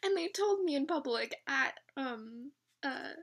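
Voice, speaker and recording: Teen girl, high-pitched and bright, gushing casual vlog talker. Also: animated, a little slow, creaky. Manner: gushing, peppered with "like" and "oh my god". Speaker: vlogger pulling a prank call. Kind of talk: casual phone chat.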